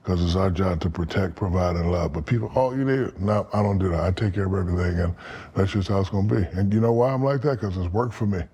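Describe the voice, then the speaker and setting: Profane low-voiced man telling animated stories. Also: fast, slightly rough. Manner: animated storyteller, profane, acts out quotes. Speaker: podcast guest. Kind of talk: storytelling in casual interview.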